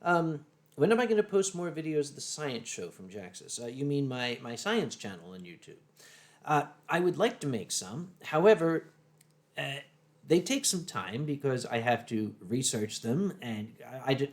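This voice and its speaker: 30s guy cohosting a stream, snarky and dry, just chatting. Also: medium pitch. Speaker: stream co-host. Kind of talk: casual chat.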